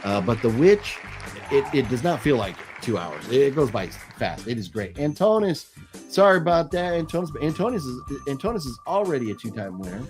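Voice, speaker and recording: A man's voice: medium pitch, faint music behind. Easygoing man hosting a live stream. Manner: lively, apologetic, chuckling, drawn-out name calls. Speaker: host of a live movie news stream. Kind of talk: casual live-stream giveaway chat.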